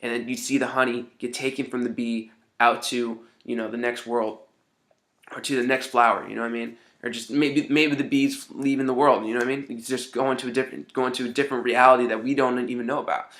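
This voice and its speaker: Man, casual advice, rambling, mid-pitched voice, songwriting tips. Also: flat delivery, a little fast, fairly bright tone. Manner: rambling, keeps saying "you know what I mean".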